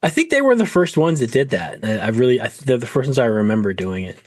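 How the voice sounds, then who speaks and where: A man's voice: mid-range voice, sing-song, fast talker, dry recording. A tired, slightly sick man co-hosting a casual podcast, joking at his own expense and stammering over restarts. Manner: jokey, self-deprecating, stammers on restarts. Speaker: podcast co-host. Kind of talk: casual chat.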